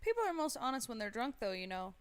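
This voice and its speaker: A woman's voice: a little high, very animated, quick pace, clear, resonant tone. A woman doing a live reading as a curious, teasing young woman who laughs between lines. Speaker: voice actor reading a character. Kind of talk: live reading of a written story.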